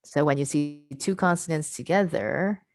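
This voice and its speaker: A woman's voice: low voice, moderate pace, darkish tone, no echo, clean studio sound. A woman presenting an online teacher workshop over a video call, patient and repeating her key points.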